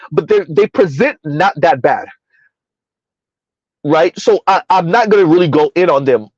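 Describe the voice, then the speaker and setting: A man's voice: high-pitched, darkish tone, dry recording, lo-fi sound. A man doing casual, rambling commentary on a live stream, reading out chat messages as he goes. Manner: rambling, conversational, reads chat aloud.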